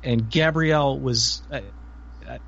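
A man's voice: mid-range voice, a bit bright, slight background noise. A man with a middling voice on slightly muffled audio talks eagerly on a casual panel. He stops and restarts often and fills the gaps with ums. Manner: enthusiastic, halting, many fillers. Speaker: podcast panelist. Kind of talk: casual chat.

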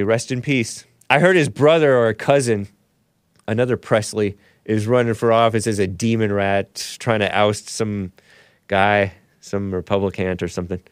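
A man hosts a loose live-stream show, rambling from one aside to the next and laughing often. His voice sits at an ordinary pitch but sometimes leaps up high for a joke. The sound is close and dry, with no room around it. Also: clean tone, no echo. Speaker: talk show host. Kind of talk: casual live-stream chat reading viewer messages.

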